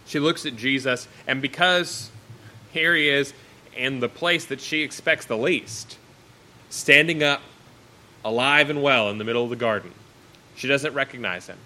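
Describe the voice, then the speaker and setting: A man preaching to a congregation with a bright, ringing voice. He reads scripture aloud in old wording, then retells it in plain speech. His voice climbs high and loud, then falls low and quiet. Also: normal speed, poor audio. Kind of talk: sermon.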